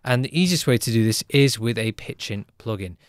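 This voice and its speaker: A man who produces music gives a casual, upbeat tutorial in a chatty way, often tagging lines with a quick question. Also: medium pitch, expressive, clean tone, dry recording.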